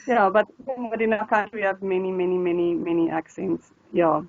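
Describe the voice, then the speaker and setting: A woman, an Afrikaans speaker talking in English as an interview guest, chatty and animated with many restarts. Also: medium pitch, moderate pace, dry recording. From South Africa. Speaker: language tutor, interview guest. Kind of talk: casual interview. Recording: slightly dull, dry recording.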